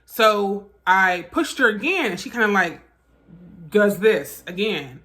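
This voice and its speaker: A woman vlogger telling a personal story in a casual storytime style, animated, profane and emphatic. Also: mid-range voice, slow.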